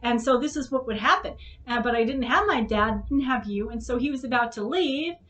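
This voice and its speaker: Woman vlog host with a higher voice; candid, emotional storyteller who curses when worked up. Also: animated, a little fast, a bit bright. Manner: emotional, frank, swears when upset. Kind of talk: candid storytelling to her son.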